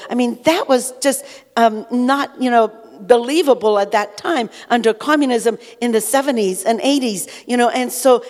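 An older woman with a slightly high voice tells her testimony as a rambling, conversational sermon. She leans on "you know" again and again, and a long hall reverb trails behind her words. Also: darkish tone. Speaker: preacher giving testimony.

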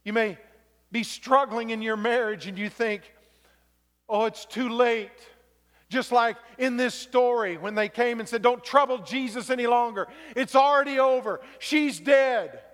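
A man preaching a sermon as pastor, moving from quiet reflection to shouted exhortation, in a church sanctuary. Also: very high voice, unhurried. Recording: long reverb of a large hall.

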